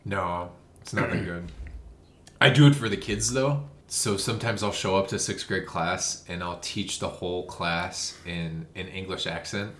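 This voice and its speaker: A man, a priest co-hosting a casual chat, playful and quick to laugh. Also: sits low, fairly bright tone, slight background noise. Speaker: priest and co-host. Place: indoors at a table after a meal.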